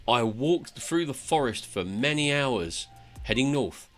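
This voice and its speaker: A man's voice: mid-range voice, expressive, unhurried, fairly bright tone, soft background music, voice pushed up. A man reading aloud the lines of an earnest male dwarf hero telling of his quest, in a plain voice with no accent.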